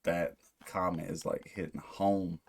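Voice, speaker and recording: A man's voice: low-pitched, little pitch movement, measured pace. A man hosting a music reaction video, talking casually and thinking aloud with rambling restarts. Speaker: music reaction channel host.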